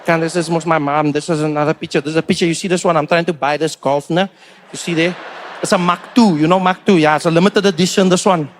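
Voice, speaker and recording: Man putting on an excited young Cape Town fan with a Cape Town accent. He talks in a high, loud voice that pushes and insists. He is bossy and eager and will not let his point go. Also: quick pace, a little hiss or hum, lightly acted. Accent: Cape Town English.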